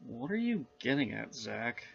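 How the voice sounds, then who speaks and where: A man putting on a flustered, clingy cinematographer in a comic skit, stammering as he pleads. The voice moves slowly and swings widely in pitch. The audio is muffled and lo-fi. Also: sing-song, vocal fry, a bit bright, faint music behind, full character voice. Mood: confused.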